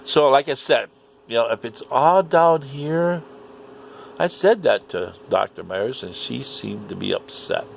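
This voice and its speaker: A man's voice: medium pitch, lively intonation, unhurried, gravelly, a little hiss or hum. A man talking to the camera, ranting about his doctors in an indignant, profane, repetitive way. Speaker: vlogger.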